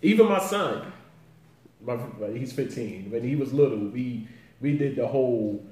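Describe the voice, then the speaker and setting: A middle-aged man chatting casually in an interview, quick to laugh and jump in with his own stories. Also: mid-range voice, lively intonation, a little mellow. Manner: chatty, bursts into laughing asides. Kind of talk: casual chat. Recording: roomy, distant from the mic.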